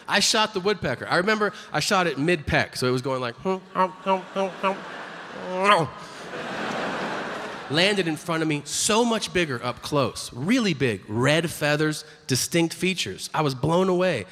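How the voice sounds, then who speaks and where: A man's voice: on the high side, background noise. A man performing a brash, profane stand-up comedy set on stage, telling stories and acting out the people in them. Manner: brash, profane storytelling with acted-out quotes. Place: theater stage before a live audience. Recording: live hall with long reverb, crowd laughter. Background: audience laughter and applause.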